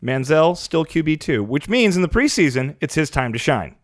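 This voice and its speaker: A man's voice: fairly high pitch, sing-song, normal speed, no room sound. Male host, wry headline reader, dry close sound. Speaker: podcast host reading the news. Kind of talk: casual sports comedy chat.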